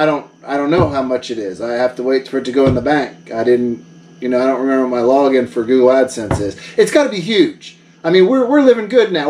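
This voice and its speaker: A man's voice: fairly high pitch, darkish tone, recorded from a distance. A man who runs a vlog, bragging and bossing people around in a jokey one-sided phone call. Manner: boastful, mock-bossy, joking. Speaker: vlogger.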